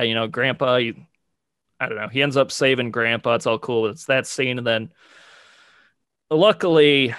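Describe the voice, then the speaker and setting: With a mid-range, fairly bright voice, this man co-hosts a podcast, chatting casually and rambling, his speech peppered with "like" and "you know." The sound is clean studio audio without echo.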